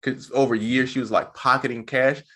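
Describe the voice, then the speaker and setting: A man co-hosting a podcast, talking in slangy, animated casual chat. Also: medium pitch, normal speed. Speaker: podcast co-host.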